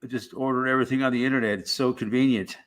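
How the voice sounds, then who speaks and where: A man's voice: medium pitch, fairly even intonation, racing. A middle-aged man hosting a casual live stream, rambling and swearing in a laid-back way.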